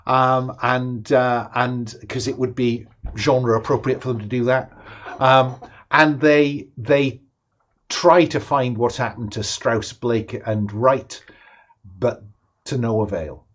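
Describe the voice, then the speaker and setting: A man narrating as game master, measured and full of pauses and restarts. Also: medium pitch, fairly even intonation, highs cut off.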